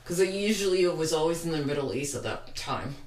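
A woman's voice: sits low, animated, fast, a little mellow. A woman in casual chat, asking probing follow-up questions about a shared family story. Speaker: conversation partner asking questions. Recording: echoey room with music behind.

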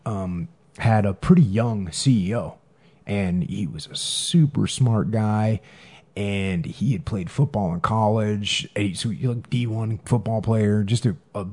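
A man in casual conversation and storytelling, starting in halting bursts full of fillers. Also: fairly low pitch, darkish tone.

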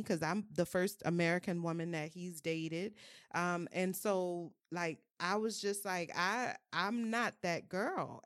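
A candid woman from New with a lowish voice. She talks as a podcast guest in a frank, reflective manner with colloquial phrasing. The sound is dry and close. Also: no echo. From New Orleans, US. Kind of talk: candid conversational storytelling.

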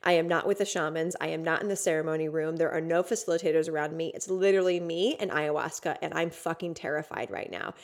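A woman's voice: deep voice, fast talker, hardly any pauses. Candid, profane woman telling a story. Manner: candid, profane, emotional retelling. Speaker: podcast host. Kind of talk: personal storytelling.

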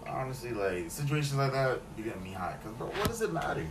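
A young adult man co-hosting a podcast, chatting in relaxed slang and chiming in to agree. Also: mid-range voice, fairly quick, roomy sound. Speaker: podcast co-host. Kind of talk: casual chat. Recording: distant mic with clear background noise.

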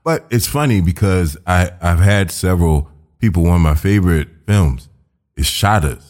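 A man's voice: low-pitched, animated, moderate pace, a little mellow. An American man hosting a podcast interview, chatting casually with blunt jokes and plenty of swearing. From United States. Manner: blunt, joking, swears freely. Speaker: podcast host.

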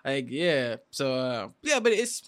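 A man's voice: mid-range voice, big pitch swings, slow, fairly bright tone. A young man in casual chat as a podcast co-host, joking and laughing through slangy banter.

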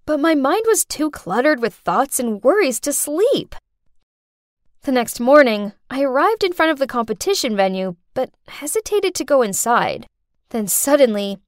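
A woman telling a first-person story, with an expressive, dramatic delivery. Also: sits high, normal speed, no room sound, clean studio sound.

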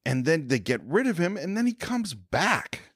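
A man's voice: on the high side, big pitch swings, normal speed, a bit bright, breathy edge, dry recording, studio quality. A man co-hosting a film podcast, casually retelling a movie scene by scene and briefly acting out the characters' lines. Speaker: podcast co-host.

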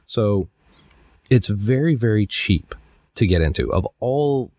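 A man's voice: on the low side, lively intonation, slow pace, warm tone, dry recording, clean studio sound. A man co-hosting a casual podcast chat, laughing and teasing his co-host.

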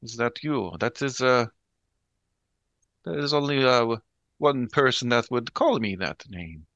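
A man voicing a shaken woman character in a tabletop horror game, speaking in halting, formal phrases. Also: medium pitch, fairly bright tone, no echo, highs cut off. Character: shaken middle-aged woman, Sister B, formal.

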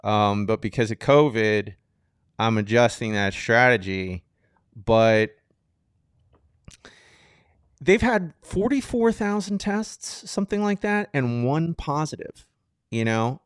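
A man's voice: medium pitch, animated, slow, long pauses, clean tone, no echo, studio quality. A man in his thirties co-hosting a podcast in a casual chat, easygoing and laid-back. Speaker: podcast co-host.

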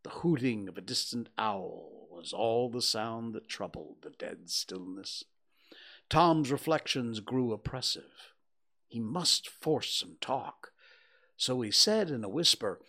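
A man reading a story aloud with slow, dramatic narration. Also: mid-range voice, lively intonation, bright, forceful tone. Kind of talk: audiobook narration.

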